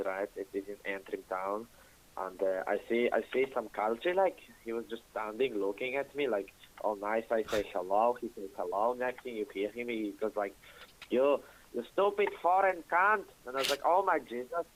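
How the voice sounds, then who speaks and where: Pria, bahasa ibu Rusia, penelepon, bahasa Inggris patah-patah, bersemangat, suka mengumpat. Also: male voice, lowish voice, low-quality recording. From Russia. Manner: broken English, excitable, swears, acts out shouting voices. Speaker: caller. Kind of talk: storytelling on a call-in show.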